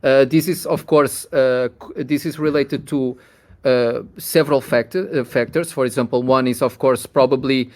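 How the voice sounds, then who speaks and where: A man's voice: mid-range voice, steady tone, normal speed, a little mellow. A man who is a community manager, answering community questions on a live voice chat, explaining at length with many restarts and hesitations. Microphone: computer mic over online voice chat.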